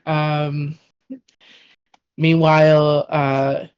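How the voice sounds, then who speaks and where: A woman narrates a tabletop game as game master, rambling along with fillers and casual swearing. Her voice sits low. The recording sounds dull and muffled. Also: flat delivery, drawn-out words, darkish tone, clear, resonant tone.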